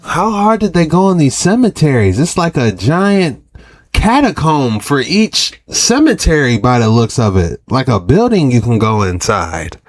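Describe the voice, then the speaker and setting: Man, co-host, casual reaction chat, curious questions, lively pitch. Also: no room sound. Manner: curious, quick rhetorical questions.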